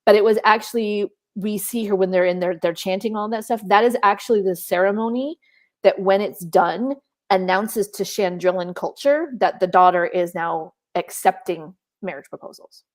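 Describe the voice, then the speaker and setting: A middle-aged woman in casual podcast conversation, chatty and animated. She slips into playful put-on voices when quoting people, with a pitch in the middle range for a woman. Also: normal speed. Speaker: podcast co-host. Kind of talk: casual chat.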